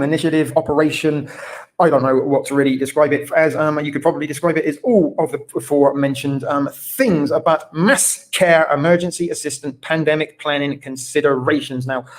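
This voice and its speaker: A man's voice: on the high side, darkish tone, poor audio. A man hosting a podcast live stream, rambling through casual commentary with many fillers and wry, sarcastic asides. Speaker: podcast host.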